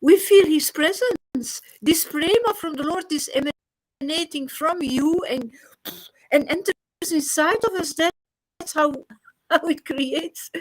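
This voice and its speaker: A woman's voice: sits high, dry recording, low-quality recording. A woman earnestly sharing devotional feelings in a group, repeating phrases. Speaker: group member.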